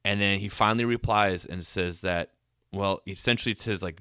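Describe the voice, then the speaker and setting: Podcast guy with a deepish bright voice, laughs a lot, really dry mic. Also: a little fast, clear, resonant tone, no room sound. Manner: animated storyteller, laughs often. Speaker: podcast co-host. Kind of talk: casual chat, retelling an episode.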